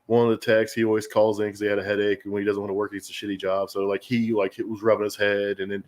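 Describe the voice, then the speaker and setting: Podcast guest: middle-aged man, low voice, fast candid talk, self-deprecating, lots of restarts. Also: level tone. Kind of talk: casual podcast chat.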